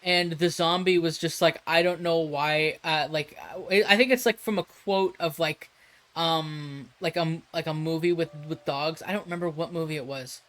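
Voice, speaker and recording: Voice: mid-range voice, fairly even intonation, moderate pace, a bit bright, rough recording. A streamer chatting casually with viewers while drawing, rambling, laughing often and swearing freely.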